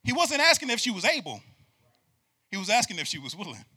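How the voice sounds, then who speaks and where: Man, preacher, very high voice, piercing bright tone, builds to shouting, repeats words. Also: wildly swooping pitch, quick pace, breathy edge. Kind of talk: sermon.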